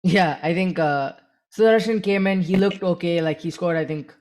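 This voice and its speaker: A man co-hosting a podcast in casual chat, halting with many restarts and fillers. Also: high-pitched, darkish tone. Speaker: podcast co-host.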